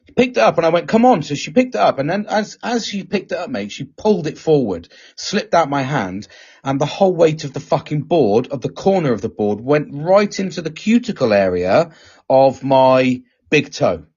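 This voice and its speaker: Male podcast host, husky, sweary storyteller, dull lo-fi sound. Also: fairly high pitch, big pitch swings, moderate pace, a little mellow. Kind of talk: casual chat. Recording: dull lo-fi recording.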